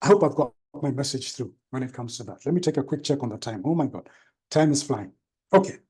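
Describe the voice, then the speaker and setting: A man giving a live seminar talk as a branding trainer, with a trained, deliberate delivery that varies tone and stresses certain words. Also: medium pitch, animated, dark tone.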